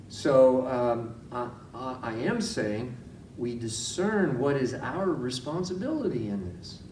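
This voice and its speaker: A man's voice: mid-range voice, expressive, slow pace, a little mellow, recorded from a distance, a little hiss or hum. A male chaplain giving a sermon-style teaching talk, folksy, telling stories and putting direct questions to his listeners. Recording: roomy echo, voice from off-mic.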